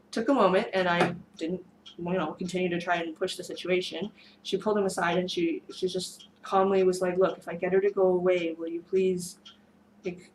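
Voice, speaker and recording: A woman's voice: on the low side, slight background noise, poor audio. A woman vlogger recounting a tense street incident in a rambling storytime monologue, her voice strained from screaming earlier. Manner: rambling, many fillers and restarts. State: losing her voice.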